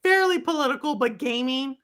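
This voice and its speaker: A woman's voice: sits high, lively intonation, a little fast, fairly bright tone. A woman from Houston with a light Texan twang, hosting a podcast in blunt, questioning casual chat. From Houston, Texas. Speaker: podcast host.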